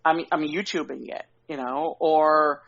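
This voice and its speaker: A man's voice: fairly high pitch, fairly even intonation, a little slow, creaky, fairly bright tone, a little hiss or hum. A man co-hosting a podcast in casual chat, candid and conversational, peppering his talk with "you know". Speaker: podcast co-host. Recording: dull lo-fi podcast audio.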